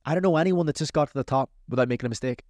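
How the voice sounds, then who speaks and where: A man's voice: medium pitch, very fast, no echo. Pumped-up coach guy, chatty podcast advice, mid voice, dry close mic. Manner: energetic, chatty, motivational.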